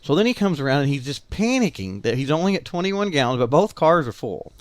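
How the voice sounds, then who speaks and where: A podcast co-host with a Southern Illinois accent tells a long family story in casual chat, animatedly acting out the voices of the relatives he quotes. He talks quickly in a voice on the high side, and the recording is dry.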